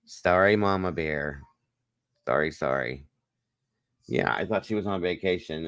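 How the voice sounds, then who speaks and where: Deep-voiced man chatting on a livestream. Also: expressive, measured pace, long pauses, a bit bright, dry recording. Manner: chatty, talks to viewers by name, wired on coffee. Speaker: livestream host. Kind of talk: casual livestream chat reading comments.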